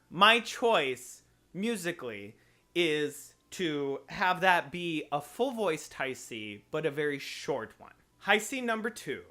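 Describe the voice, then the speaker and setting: Man, voice lesson, very bright tone, slow measured pace, explains note by note. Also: sits high. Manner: explains slowly, sings short examples. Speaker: voice teacher.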